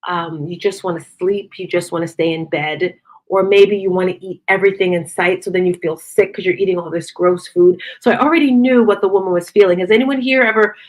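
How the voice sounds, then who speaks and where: A woman's voice: fairly low pitch, fairly even intonation, brisk. A middle-aged woman giving a casual, earnest motivational talk to viewers, telling a personal story in an upbeat way. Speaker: motivational speaker.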